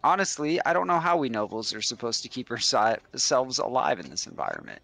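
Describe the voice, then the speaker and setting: A man voicing a fussy male noble who complains quickly about his troubles. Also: medium pitch, very animated, vocal fry, pushed and bright, no echo, exaggerated voice. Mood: complaining.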